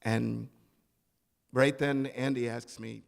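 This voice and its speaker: A man telling a story on stage at a live event, animated and comic, acting out the people in it. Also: a little high, normal speed, vocal fry, big-room sound. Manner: animated, comic, acts out quoted voices.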